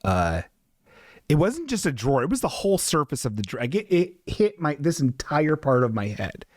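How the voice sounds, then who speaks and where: A man's voice: fairly high pitch, sing-song, normal speed, a little mellow, no room sound. A man hosting a comedy livestream in casual chat, rambling and self-deprecating, often laughing at his own asides. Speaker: podcast host.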